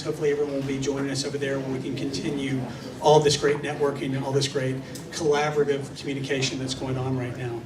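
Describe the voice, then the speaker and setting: A man hosting a live event as emcee, talking in a playful, teasing, self-deprecating way. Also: on the high side. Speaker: event host. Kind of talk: joking emcee speech. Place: large event hall. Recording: echoey hall mic from far off, crowd.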